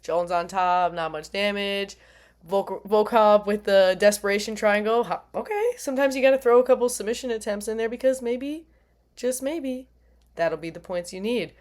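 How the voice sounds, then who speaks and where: A woman hosting a casual fight recap, chatty and animated, often laughing at herself. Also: medium pitch, normal speed. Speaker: fight review host.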